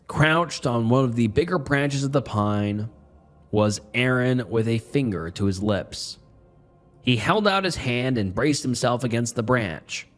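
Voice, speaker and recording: Male horror narrator, scripted first-person telling, tense and dramatic, medium pitch, soft music underneath. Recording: faint music bed behind the voice. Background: faint background music.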